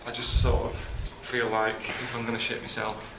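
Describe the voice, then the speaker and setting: A man, presenting a travel documentary on location in a deadpan, weary, grumbling way. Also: medium pitch, moderate pace, noisy background.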